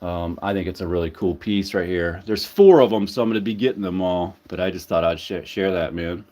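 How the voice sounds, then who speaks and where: A man's voice: sits low, fairly quick, dark tone. A man hosting a casual livestream, rambling loosely with lots of fillers and swearing. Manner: loose, profane, filler-heavy. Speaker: livestream host.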